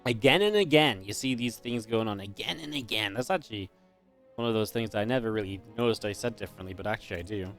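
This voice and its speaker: A man from Northern England with a mild Geordie accent, casting an esports match with chatty, laid-back talk between plays and quick, lively calls during fights. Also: fairly low pitch, soft background music. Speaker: esports caster. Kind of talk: live game commentary with casual chat.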